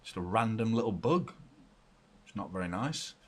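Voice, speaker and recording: A young man hosting a live football watchalong from home, chatty and excitable, moving between loud cheers and quiet muttering. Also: on the low side, normal speed, breathy edge. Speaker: football fan channel host. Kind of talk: live match watchalong commentary. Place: home room with door open and a fan.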